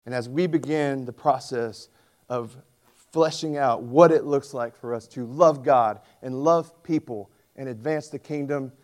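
A man in his forties preaching a sermon as pastor, with animated, emphatic storytelling. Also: medium pitch, unhurried.

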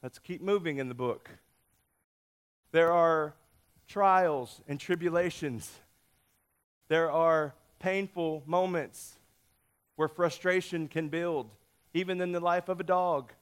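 A man preaching a sermon, telling a story in a playful, lively way with lots of shifts in emphasis. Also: a little high, takes it slowly, long pauses, clean tone. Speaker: pastor.

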